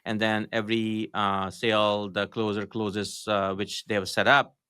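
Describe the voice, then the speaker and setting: Bright-toned man giving halting business advice. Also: lowish voice, flat delivery, clear, resonant tone, no echo, clean studio sound. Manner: halting, many fillers and restarts, matter-of-fact advice. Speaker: podcast guest, marketing consultant. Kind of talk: casual podcast interview.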